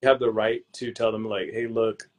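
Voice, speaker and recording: Young male podcast guest with a low-ish voice. Slangy, easygoing storyteller. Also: a little fast. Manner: relaxed and slangy, calls the hosts "bro"; lively storyteller who acts out his own past lines. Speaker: podcast guest, real estate investor. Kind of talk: casual interview chat.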